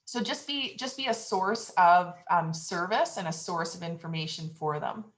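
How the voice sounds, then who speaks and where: A woman's voice: lowish voice, normal speed, low-quality recording. A woman leading a real estate training session on a video call, giving encouraging, conversational advice.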